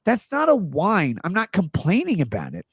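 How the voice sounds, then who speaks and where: A man's voice: high voice, huge pitch swings, moderate pace, slightly rough, no echo, studio quality. A man in his thirties hosting a casual live-stream chat, earnestly and defensively explaining himself at length. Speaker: show host.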